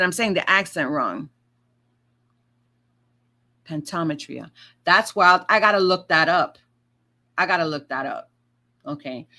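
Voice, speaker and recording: A tarot and astrology vlogger speaks to her viewers in a medium-pitched, sharp-toned voice. Her chatty, rambling monologue includes free swearing and reenactments of things she once said.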